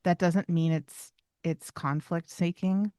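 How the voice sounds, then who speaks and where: A woman's voice: on the low side, steady tone, slow pace, warm tone, no room sound, clean studio sound. A woman co-hosting a podcast, explaining dog behavior in casual chat and acting out little bits of dog dialogue. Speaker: podcast co-host, dog trainer.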